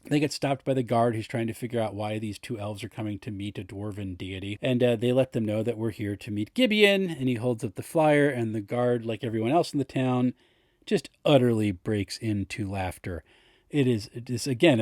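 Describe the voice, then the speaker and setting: A man retelling a tabletop game session as its game master, with an animated, swooping delivery. His voice is close and dry with no room sound. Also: medium pitch, normal speed, no room sound. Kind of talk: storytelling recap of a tabletop game.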